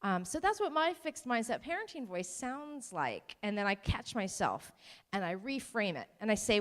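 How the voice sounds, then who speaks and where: A woman's voice: medium pitch, expressive, normal speed. Woman presenter at a parent workshop, chatty and self-deprecating, voice carried on a long hall echo. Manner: conversational, with ums and self-deprecating asides. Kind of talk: informal talk to parents.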